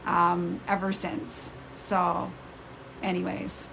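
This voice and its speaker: A woman telling a personal story on a casual live stream. She retells it in an animated way and jumps up in pitch when she acts out the people in it. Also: takes it slowly, vocal fry, slight background noise, low-quality recording. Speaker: spiritual storyteller. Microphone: phone mic on a live stream.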